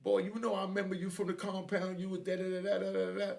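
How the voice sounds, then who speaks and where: A man's voice: high-pitched, little pitch movement, fast, gravelly, darkish tone, voice pushed up. A man voicing a male inmate who taunts in a put-on female voice, teasing and sing-song.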